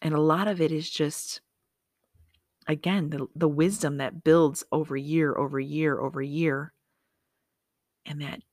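Woman podcast host, deep-pitched, chatty motivational monologue, dry close recording. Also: no room sound. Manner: upbeat, self-correcting, chatty with asides to herself.

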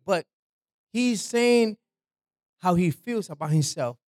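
Pausing often, a man speaks slowly in a high, expressive, darkish-toned voice with no echo. He preaches an informal sermon in a slangy, conversational way, repeatedly dropping "man" and asking his listeners "right?"

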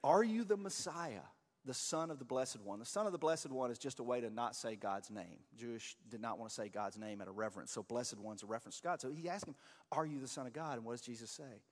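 A man's voice: mid-range voice, quick pace, hardly any pauses. Guy pastor preaching, chatty and earnest, lots of "like" and "you know", big echoey hall. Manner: conversational, earnest, with many fillers. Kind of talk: sermon.

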